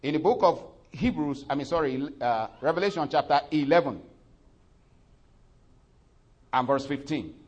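Man preaching, swelling loud on scripture. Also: fairly quick. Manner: rises loud and high reading scripture, drops soft in asides; frequent fillers and self-corrections. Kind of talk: sermon.

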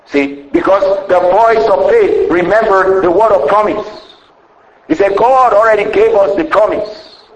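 A man preaching a sermon with fervent call-and-response exclamations, dropping to quiet asides and chuckling often. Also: unhurried, reverberant, low-quality recording. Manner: fervent, swings between loud exclamations and low asides, laughs often.

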